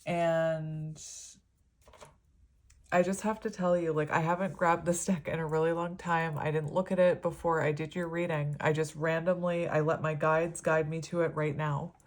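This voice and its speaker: Rambling woman reading tarot, lowish voice. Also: level tone, moderate pace. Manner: rambling, filler-heavy, easily moved. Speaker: tarot reader. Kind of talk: casual tarot reading chat.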